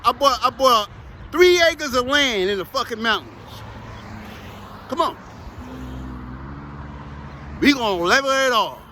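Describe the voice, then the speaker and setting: A man's voice: high-pitched, pushed and bright. A man who operates heavy equipment, telling profane, emphatic, rambling stories about the job in casual talk outdoors near traffic. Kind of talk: casual storytelling to camera.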